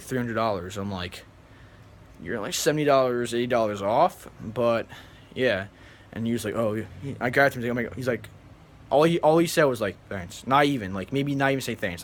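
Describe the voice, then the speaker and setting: Young man telling an animated story. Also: mid-range voice, fairly quick. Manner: animated, rambling, acts out others in flat mumbles. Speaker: vlogger. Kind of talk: casual storytelling to camera.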